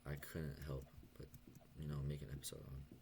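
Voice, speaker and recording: A young man talking softly and hesitantly in a late-night confessional vlog, stuttering and pausing as he goes. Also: very deep voice, completely flat delivery, slight background noise. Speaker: vlogger.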